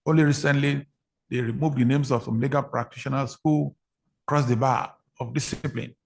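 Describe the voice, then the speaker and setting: A man's voice: mid-range voice, steady tone, moderate pace, vocal fry. A man with a Nigerian accent, a senior lawyer giving a formal ceremonial speech, deferential and repeating key phrases for emphasis. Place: courtroom ceremony.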